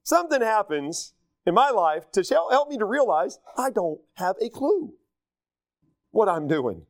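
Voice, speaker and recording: A middle-aged pastor with a Southern accent delivers a lively, self-mocking sermon. His voice sits high and leaps up and down as he acts out the people he quotes. The sound is dry and close. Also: unhurried, dry recording.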